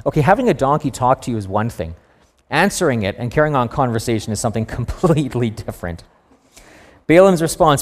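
A man preaching to a congregation, retelling a scripture story in an animated way. He breaks into humorous asides and voiced reactions, and his pitch sits right in the ordinary middle for a man. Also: brisk. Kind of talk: sermon.

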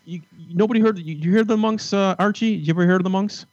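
Playful male podcast host, fairly high voice, dull dry lo-fi sound. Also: fast talker, darkish tone, no room sound. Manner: playful, joking, teasing guests. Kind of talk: casual podcast chat.

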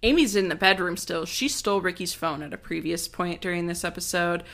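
A woman with a gravelly, fry-heavy voice runs through a TV episode in casual podcast chat. She keeps a quick, dry, sardonic pace and breaks into acted lines from the characters. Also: on the low side, a bit bright. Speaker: podcast co-host.

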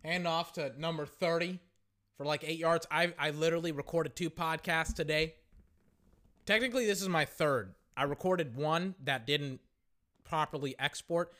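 A young man hosting a casual podcast, giving play-by-play commentary on a game with slangy, excitable reactions, his voice going hoarse. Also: on the high side, moderate pace. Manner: excitable, shouting at big plays, slangy. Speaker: podcast host.

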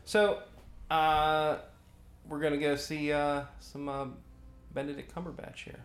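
A man co-hosting a podcast, casually commenting on a film as he watches, talking in halting stops and restarts. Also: fairly high pitch, flat delivery. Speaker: podcast co-host. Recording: roomy echo, faint noise.

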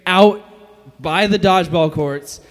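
A man's voice: high-pitched, takes it slowly. A man preaching a casual youth sermon as pastor to a group of kids, joking and acting out quotes in funny voices. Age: adult. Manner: animated, jokey, acts out quotes in funny voices.

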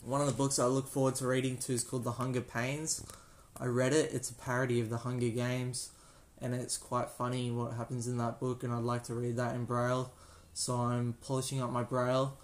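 Brief: Australian male host, rambling jokey storyteller, even monotone at a mid pitch. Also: brisk. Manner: rambling, jokey, many restarts. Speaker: podcast host. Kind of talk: casual storytelling.

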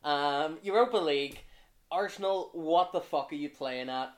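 This podcast host talks football in a relaxed, chatty way, with a slightly high voice at a moderate pace. He fills his speech with fillers and swears now and then when something annoys him.

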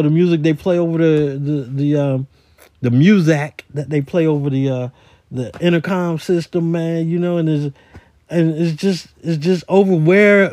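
A retail store worker tells a rambling story in a casual voice message, repeating words often. His voice is a little high with a dark tone, and there is no echo.

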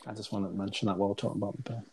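A man's voice: lowish voice, flat delivery, very fast, vocal fry, darkish tone, breathy edge, no echo. A man hosting a podcast, chatting casually with rambling asides and frequent laughs. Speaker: podcast host. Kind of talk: casual chat.

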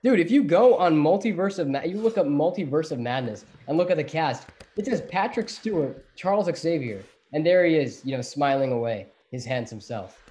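A man co-hosting a casual podcast chat, animated and playful, restarting his sentences often. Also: on the high side, moderate pace, few pauses. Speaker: podcast co-host.

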